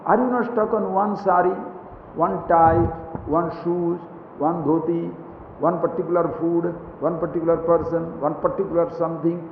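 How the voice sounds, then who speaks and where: A man gives a spiritual talk, weaving stories and asking his listeners rhetorical questions. His voice sits high, and it reaches us thin and tinny through a roomy hall with a long tail of reverb. A faint hiss sits underneath. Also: fairly even intonation, moderate pace, gravelly. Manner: storytelling, asks the audience rhetorical questions. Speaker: spiritual teacher. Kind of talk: spiritual discourse to an audience.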